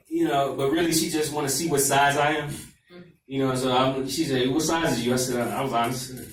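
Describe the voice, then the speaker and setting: Stand-up comic, mid-pitched man, rambling storyteller, club mic far and roomy. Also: level tone, normal speed. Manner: loose, rambling storytelling with asides. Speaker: stand-up comedian. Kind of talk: stand-up set. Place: comedy club stage. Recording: echoey club from far off, faint noise.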